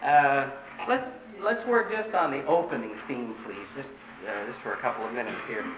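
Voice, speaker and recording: A man's voice: medium pitch, moderate pace, echoey room, lo-fi sound, crowd noise. A man conducting a choir rehearsal, teaching in an earnest, emphatic way with many fillers.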